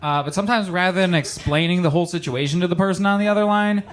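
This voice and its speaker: A young man from Michigan doing a stand-up comedy set, with deadpan punchlines and quick put-on voices for the people in his stories. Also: high-pitched. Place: small comedy club with live audience.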